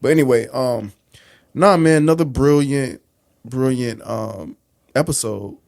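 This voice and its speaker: A man's voice: mid-range voice, gravelly. A man co-hosting a podcast, reviewing a TV show in casual, profane chat with many restarts. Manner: animated, profane, halting restarts. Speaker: podcast co-host.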